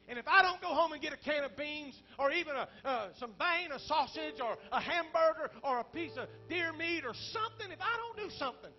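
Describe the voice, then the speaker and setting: High-voiced middle-aged man preaching fervently. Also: expressive, fairly quick, faint music behind. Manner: fervent preaching, swinging between loud bursts and quiet asides, rhetorical "Huh?". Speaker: senior pastor and bishop. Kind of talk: sermon. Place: church sanctuary. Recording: dull lo-fi sermon recording.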